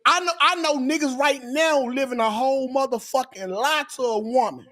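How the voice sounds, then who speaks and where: A man's voice: very high-pitched, moderate pace, bright, forceful tone. A man co-hosting a podcast, arguing his point emphatically and profanely in casual chat.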